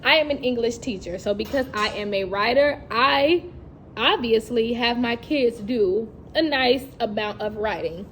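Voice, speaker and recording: A young woman talks in a chatty, animated vlog, laughing as she goes and acting out little scenes from her classroom. Her voice sits a bit high, and a faint hiss runs under it. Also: unhurried. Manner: animated, chatty storyteller who laughs often and acts out classroom moments. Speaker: teacher and vlogger. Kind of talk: casual vlog monologue.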